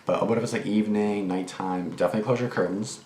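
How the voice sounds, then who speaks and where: His voice is lowish and darkish in tone, fairly even in intonation and fast. A young reaction channel host, he casually wanders through commentary and a personal story, cursing, restarting and filling pauses, recorded in an echoey room with faint background noise.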